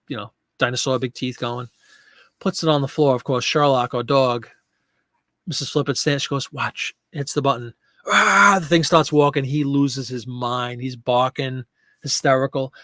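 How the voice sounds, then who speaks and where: A man's voice: medium pitch, a bit bright, dry recording. A middle-aged man hosting a casual live chat show, chatting and answering viewer comments. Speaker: host of a live chat show for online sellers.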